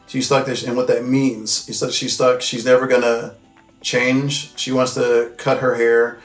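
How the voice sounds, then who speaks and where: In an echoey room with faint music behind him, a man hosts a casual movie recap. His medium-pitched voice stays level and unhurried as he rambles and swears, filling his talk with "like" and "you know what I mean."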